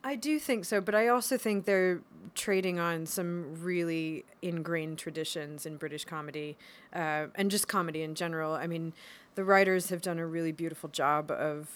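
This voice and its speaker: An American woman talks casually as an interview guest, her voice a little low for a woman. She laughs often and fills her pauses with ums. Her tone stays easy and chatty. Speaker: actress, guest.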